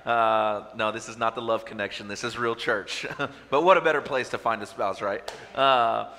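A man in his thirties, a pastor preaching to his congregation in a relaxed, conversational way, with frequent "uh"s and restarts. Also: mid-range voice, normal speed, long reverb tail. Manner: conversational, many "uh" fillers and restarts. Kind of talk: sermon with prayer and storytelling. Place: church sanctuary with a live congregation.

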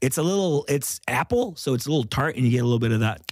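A man's voice: mid-range voice, lively intonation, rapid-fire, darkish tone, slight background noise. A man hosting a comedy podcast in casual chat, joking crudely and swearing a lot. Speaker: podcast host.

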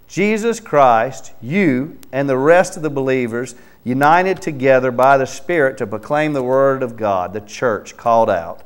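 A man's voice: mid-range voice, lively intonation, unhurried, few pauses, clean tone. A man preaching a sermon in church, reading scripture aloud emphatically and commenting on it. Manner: reads scripture aloud with his own name inserted, then comments; emphatic, rising to loud exhortation. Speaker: pastor. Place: church sanctuary.

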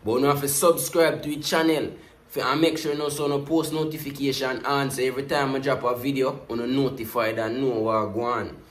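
A Jamaican man giving casual commentary as he reacts to a music video. He talks in patois, keeps looping back to the same catchphrase refrains, and stays animated throughout. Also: mid-range voice, a little fast, roomy sound.

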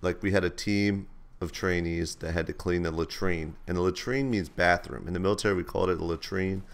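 A man's voice: low voice, brisk, creaky. A man hosting a gaming channel, telling laid-back, slangy stories over gameplay. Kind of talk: casual storytelling over gameplay.

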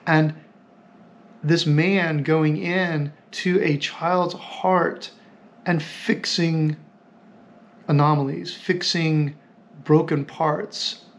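A man hosting a podcast, telling a story in a reflective, halting way and repeating phrases as he thinks aloud. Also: on the high side, steady tone. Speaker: podcast host.

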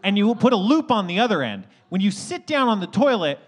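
A man on a comedy podcast with a high, lively voice that swings up and down. He pitches silly ideas in a mock-infomercial way. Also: brisk. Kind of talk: comedic casual chat.

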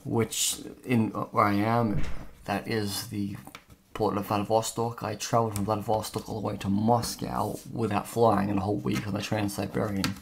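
A man's voice: on the low side, little pitch movement, moderate pace, vocal fry, a little hiss or hum. A man vlogging casually as he scratches off a map, rambling and chatty with lots of fillers. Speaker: travel vlogger.

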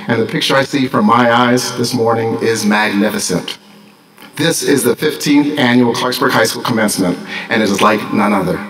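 A man's voice: medium pitch, a bit bright, recorded from a distance, low-quality recording. A middle-aged man, a school principal, giving a commencement speech, formal with dry jokes. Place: large graduation ceremony.

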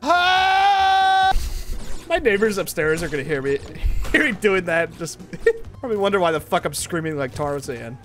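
Guy doing lets play commentary, high pitched, swings all over, yells at the game then laughs at himself. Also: sing-song, fairly quick, faint music behind. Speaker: gaming video host. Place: home apartment, seated in a chair.

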